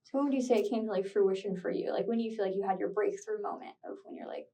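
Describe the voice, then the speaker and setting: A woman questioning a teen in an interrogation room, calm and patient with probing questions. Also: mid-range voice, fast talker, a little hiss or hum. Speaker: police interrogator. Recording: distant room mic recording.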